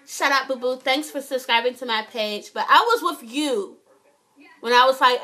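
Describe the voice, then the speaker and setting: A young woman vlogging a casual, animated TV recap, swearing a lot and often asking "right?". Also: high voice, moderate pace.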